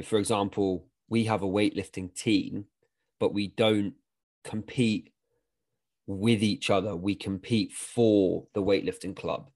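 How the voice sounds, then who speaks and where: Low-voiced man, frank and rambling. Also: darkish tone. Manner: rambling, frank, swears casually. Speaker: podcast co-host and weightlifting coach. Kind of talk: casual podcast chat.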